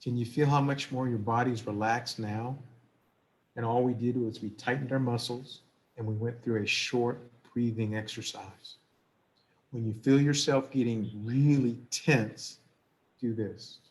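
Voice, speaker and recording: A man's voice: medium pitch, fairly even intonation, a little slow. Man presenting a workshop, conversational. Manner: conversational, asks rhetorical questions. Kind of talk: workshop talk and storytelling.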